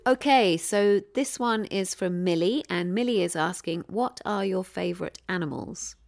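A woman's voice: on the low side, normal speed, gravelly. A woman moderating a podcast, reading out listener questions with light, dry asides. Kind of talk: casual chat.

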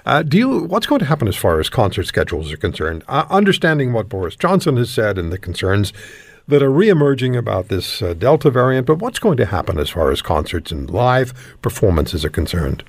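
Brief: male radio interviewer, gravelly and husky, lively pitch, dry studio sound. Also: fairly quick, dry recording. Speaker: radio host.

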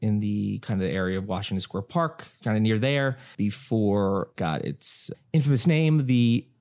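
Brief: male podcast co-host, casual ghost-story telling, deadpan jokes. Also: fairly low pitch, measured pace. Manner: joking, rambling, deadpan asides.

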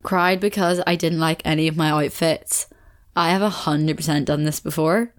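A woman's voice: low voice, fairly even intonation, moderate pace. A young woman, hosting a podcast and telling a story in a candid, chatty way, swearing freely and saying "like" a lot. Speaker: podcast host. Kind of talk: casual storytelling chat.

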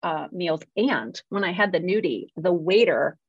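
A woman's voice: fairly low pitch, expressive, measured pace, husky, no echo, dull audio. A woman from California co-hosting a screenwriting podcast in casual chat, jet-lagged, talking with lots of fillers and laughs. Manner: chatty, self-deprecating, lots of fillers and laughs. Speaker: podcast co-host.

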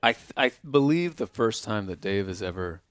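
A man's voice: fairly low pitch, expressive, moderate pace, no room sound. A man hosting a casual interview, playful and asking follow-up questions. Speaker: podcast host.

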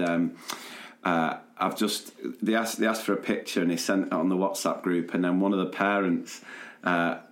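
A man co-hosting a podcast, telling a funny story in a lively, chatty way and laughing as he goes. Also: sits low. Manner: animated anecdote-telling with laughter and quoted voices. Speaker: podcast co-host. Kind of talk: casual storytelling chat. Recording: roomy echo.

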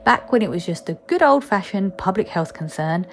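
A woman's voice: medium pitch, animated, moderate pace, slight background noise. A woman, reading her own personal essay in a candid, wry, conversational way. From East London, England.

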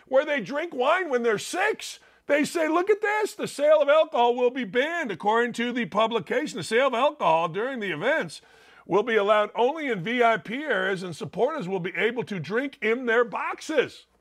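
Brash middle-aged male talk-show host, high-pitched, loud storyteller who mutters, then shouts. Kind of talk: opinionated sports talk monologue.

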